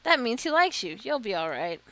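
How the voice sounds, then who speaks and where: Woman putting on a bright, gushing hobbit innkeeper lady for a cozy game, lively and a touch higher than her own voice. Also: brisk. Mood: reassuring. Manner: warm, gushing welcomes. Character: cheerful motherly female hobbit innkeeper.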